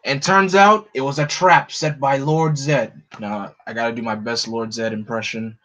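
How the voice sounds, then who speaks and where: A man's voice: mid-range voice, fairly even intonation, moderate pace, a bit bright. A man narrating a live script read, with casual, chatty asides. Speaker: script reader.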